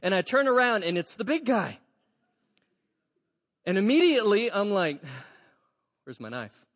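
A man preaching to his congregation and telling a story with lively acted-out dialogue. His voice sits high for a man. The sound rings with the long reverb of a church sanctuary. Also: a little slow. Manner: animated storyteller, acts out dialogue. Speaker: pastor. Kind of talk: storytelling sermon.

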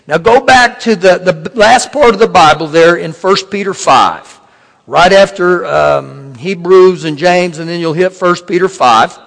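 A man preaching a sermon as pastor, repeating key phrases and slowing down to stress words. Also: high-pitched, a bit bright, long reverb tail, poor audio.

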